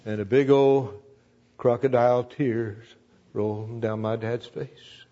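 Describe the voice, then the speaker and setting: A man's voice: medium pitch, fairly even intonation, takes it slowly, warm tone. An older man telling a rambling, folksy personal story to a church audience, with lots of fillers and restarts. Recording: dull lo-fi recording.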